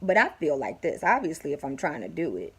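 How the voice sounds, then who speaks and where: Blunt, lively-voiced woman telling a story. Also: low-pitched, a little fast, slightly rough. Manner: profane, blunt, animated storyteller. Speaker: vlogger. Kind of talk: casual storytelling vlog.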